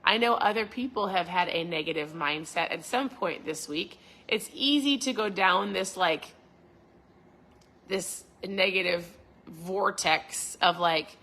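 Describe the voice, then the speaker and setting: A middle-aged woman with a lowish voice, speaking a little slowly, hosts a motivational podcast. She chats casually with her viewers and animatedly acts out her own past conversations.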